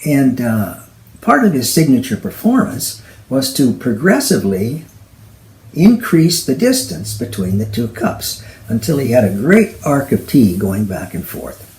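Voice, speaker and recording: A man's voice: mid-range voice, a little hiss or hum. A man telling an original travel story to an audience, voicing the characters as he goes. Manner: slow, lively, voicing characters. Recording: echoey room.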